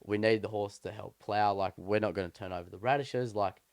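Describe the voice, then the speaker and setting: A man voicing a young farm boy in a story he tells, excitable and slangy. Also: fairly low pitch, fairly quick, no room sound, clean studio sound, close to an everyday voice. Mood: panicked. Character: young male farm boy, panicky then thrilled.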